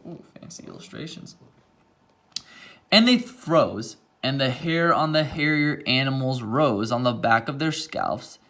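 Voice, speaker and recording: A man reading a rhyming picture book aloud, pausing now and then for quiet asides about the pages. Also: a little high.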